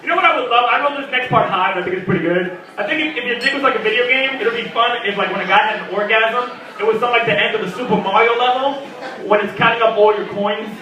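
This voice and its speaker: A high, bright young man works through a stand-up set, his pitch jumping all over as he acts out characters. The sound is echoey and a little distant, as if picked up from across a small room. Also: quick pace. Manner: animated, acts out characters with sudden squawks. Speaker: stand-up comedian. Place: small comedy venue at a birthday party. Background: audience laughter.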